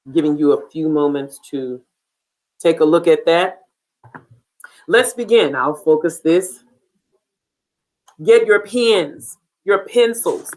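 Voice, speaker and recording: Slow, deliberate woman teaching phonics. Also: lowish voice. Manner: patient, clearly enunciated teacher talk. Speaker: reading intervention teacher.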